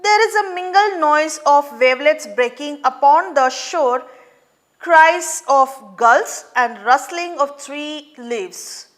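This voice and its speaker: Indian english teacher lady, high voice, slow, explains each line of the play. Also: expressive. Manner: slow, explanatory, repeats lines to explain them. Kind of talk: online class lecture, explaining a play.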